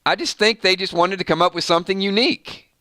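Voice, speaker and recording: A man with a Southern Georgia accent chats loosely with his viewers as a live-stream host, chuckling often. His voice is bright and forward, with a smooth, clean tone. The sound is close and dry, with no room around it. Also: sits high, fast, dry recording. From Georgia, USA. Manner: easygoing, chuckles often, folksy. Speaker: show host reading viewer chat. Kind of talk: casual live-stream chat.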